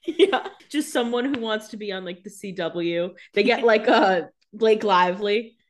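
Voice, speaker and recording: A young adult woman co-hosting a casual podcast, throwing in quick joking asides and laughing often. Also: medium pitch. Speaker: podcast co-host. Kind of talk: casual chat.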